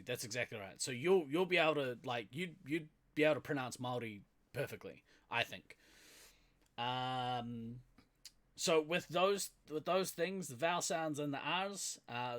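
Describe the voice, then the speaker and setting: A man's voice: mid-range voice, fairly bright tone. Chatty New Zealand man, laughing a lot. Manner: laughs often, chatty and loose, trails off with fillers. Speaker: podcast co-host. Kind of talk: casual chat.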